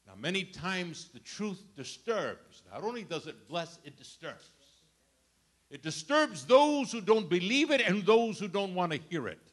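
An older man, a grandfather, preaching a sermon with dramatic storytelling that swings from loud outbursts to hushed asides. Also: high voice, sing-song, a little slow. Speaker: pastor.

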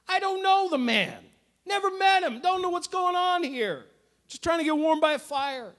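A preacher doing a stammering, frightened disciple. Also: male voice, very high voice, lively intonation, normal speed, fairly bright tone, voice pushed up. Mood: flustered. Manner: nervous, stammering denials. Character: Peter, a frightened, flustered disciple denying his master.

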